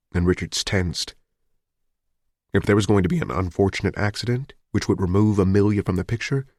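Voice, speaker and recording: Male audiobook narrator, deep and steady, dry studio sound. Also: no room sound. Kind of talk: scripted narration.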